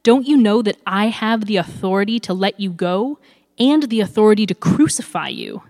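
A woman voicing a stern male Roman governor who presses with sharp, insistent questions, read aloud in a reverberant room. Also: mid-range voice, expressive, moderate pace, natural voice. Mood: pressing. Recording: long hall reverb.

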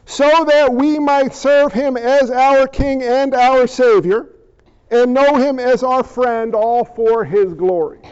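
A man preaching a sermon as pastor, animated and jokey as he retells the story. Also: extremely high pitch, clean tone, lo-fi sound.

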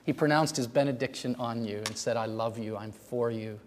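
A man preaching a sermon in a church, moving between loud, fervent passages and hushed near-whispers. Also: medium pitch, fairly quick, slight background noise. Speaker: pastor. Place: church sanctuary. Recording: long hall reverb.

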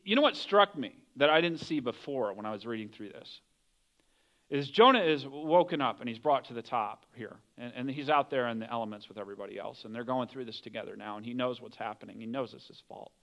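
A man's voice: medium pitch, fairly bright tone, highs cut off. A man preaching a conversational sermon, often asking the listeners questions. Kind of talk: casual sermon.

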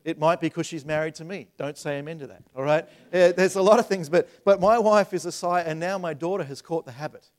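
Brief: male pastor, thirties, fairly high voice, chatty sermon that builds to forceful peaks. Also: fairly quick, hardly any pauses. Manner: conversational preaching with rising emphatic passages. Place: church sanctuary.

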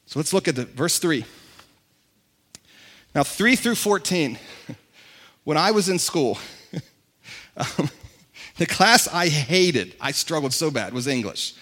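Animated preaching man, a bit high. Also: takes it slowly, pauses often. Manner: animated, excitable, preaching to a congregation. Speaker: pastor. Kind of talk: sermon.

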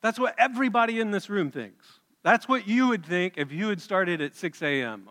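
A male pastor preaches a sermon in a bright, forceful, high-pitched voice, expressive and at a moderate pace with hardly any pauses. He tells the story conversationally and puts questions to his listeners, his voice ringing with long reverb from a large hall.

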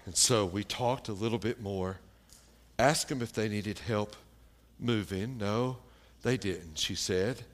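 Slow-talking man telling a story. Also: lowish voice. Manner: slow, plain-spoken anecdote telling with pauses and fillers. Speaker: preacher. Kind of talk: sermon storytelling.

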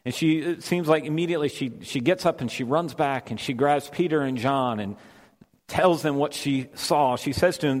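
A man's voice: on the high side, normal speed. A man preaching a sermon, retelling the scene earnestly and voicing the quoted lines. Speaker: pastor. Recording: long hall reverb.

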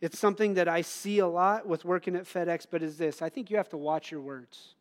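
A man's voice: sits high, steady tone, a little fast. A middle-aged man preaching a sermon in an earnest, conversational way, laughing at himself now and then.

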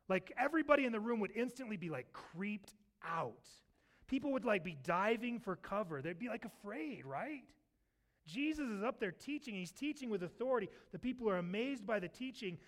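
High-voiced animated male pastor. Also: moderate pace. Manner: animated storytelling, acts out voices from the scripture. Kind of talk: sermon. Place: church sanctuary.

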